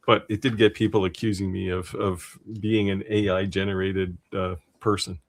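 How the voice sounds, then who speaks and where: Lower-voiced man chatting animatedly. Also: moderate pace. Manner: animated, laughs often, explains at length. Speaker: livestream co-host. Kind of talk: casual livestream chat.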